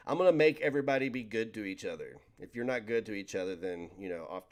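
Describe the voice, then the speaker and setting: A man with a lowish voice talks fast while hosting a livestream, reading chat and chatting casually with viewers, rambling and joking as he stumbles over his words.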